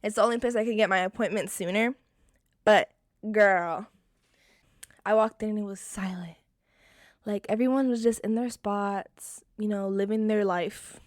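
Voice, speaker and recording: A young woman vlogger telling a storytime in casual, expressive chat, often swearing. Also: mid-range voice, normal speed, pauses often, no echo, studio quality. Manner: animated, expressive and profane.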